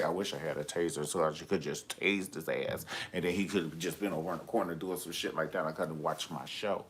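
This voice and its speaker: Brief: sassy male storyteller at home, foul-mouthed, wildly lively pitch. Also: fairly quick, few pauses, slight background noise. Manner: profane, animated, sassy. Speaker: livestream host. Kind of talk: comedic storytelling.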